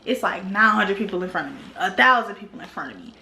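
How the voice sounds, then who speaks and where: A young woman vlogger telling a storytime in an animated, exasperated way, full of casual slang. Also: medium pitch, fast, vocal fry. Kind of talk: storytime vlog. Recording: roomy echo.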